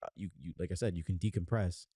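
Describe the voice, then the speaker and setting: A young man's voice sits low and sounds dark and husky as he talks fast while co-hosting a podcast. The conversation is casual and rambling, with frequent fillers and restarts. It's a dry recording of studio quality.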